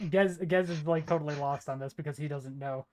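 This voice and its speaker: A man's voice: on the high side, darkish tone. A man playing in a tabletop role-play, describing his character's actions in the first person. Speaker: player.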